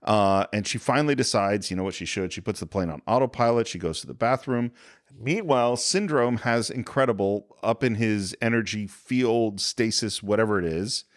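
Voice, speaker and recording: A man's voice: lowish voice, moderate pace, no room sound, clean studio sound. A man hosting a podcast, casually and enthusiastically retelling film scenes and acting out the quotes. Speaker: podcast host.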